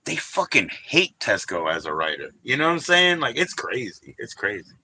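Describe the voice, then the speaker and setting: Male livestream host, casual and profane, bright lively delivery. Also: medium pitch, normal speed, slight background noise, low-quality recording. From Washington DC area. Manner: rambling, profane, sings snatches of songs. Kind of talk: casual livestream chat about records.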